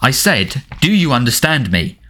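A man's voice: mid-range voice, very animated, normal speed, fairly bright tone, pitched above the performer's own voice. A man voicing a defiant, sarcastic teenage boy who needles his cousin, raised above his own voice. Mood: cold threat. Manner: mocking, sardonic.

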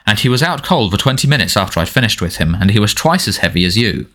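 A man's voice: fairly low pitch, sing-song, quick pace, bright, forceful tone. A man voicing a snarling teenage bully. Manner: snarling, taunting. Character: surly teenage boy bully, big and sneering.

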